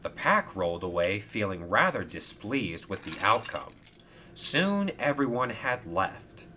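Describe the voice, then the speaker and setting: A man narrating a toy-train storybook with slow, expressive storytelling. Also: on the low side, a little hiss or hum.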